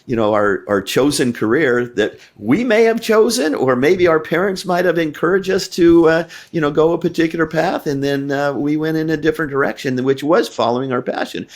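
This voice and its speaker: Speaking briskly with few pauses in a fairly high voice, an older podcast host conducts a casual interview. His questions run long and rambling, loaded with fillers and restarts.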